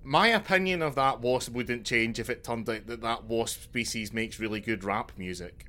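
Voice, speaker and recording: A man's voice: mid-range voice, moderate pace, bright, forceful tone. A man co-hosting a casual podcast chat, blunt and sweary with dry humour. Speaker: podcast co-host.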